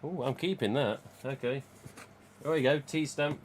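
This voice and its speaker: A man's voice: medium pitch, moderate pace, a little hiss or hum. A man, casually chatting and rambling on a live stream from home. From England. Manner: rambling, chatty, reads out chat.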